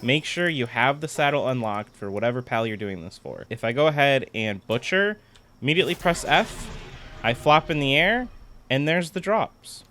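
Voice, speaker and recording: A man's voice: mid-range voice, lively intonation, moderate pace, pushed and bright. A man giving casual gameplay commentary, chatty and explaining things step by step as he plays. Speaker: gaming content creator.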